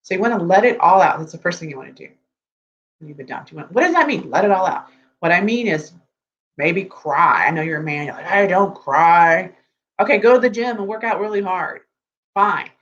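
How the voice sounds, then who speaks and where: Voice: medium pitch, lively intonation, a little fast, fairly bright tone. Chatty dating coach on a dull lo-fi stream. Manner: chatty, rambling, keeps checking in with "okay?" and "right?". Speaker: dating coach for tech men. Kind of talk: live-stream advice talk. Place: room with geek collectibles behind. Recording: dull lo-fi sound with faint hum.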